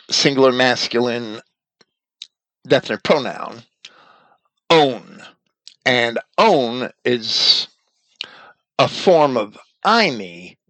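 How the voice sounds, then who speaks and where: A man's voice: mid-range voice, pushed and bright, no echo, rough recording. A man reading an article aloud and commenting on it as a religious teacher, spelling out names letter by letter.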